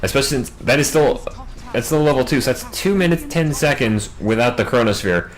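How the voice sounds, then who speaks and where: A man doing solo play-by-play game commentary, racing through big fights and dropping wry asides in quiet moments. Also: medium pitch, poor audio. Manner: quick, excitable calls in big plays, wry asides in lulls. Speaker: match commentator.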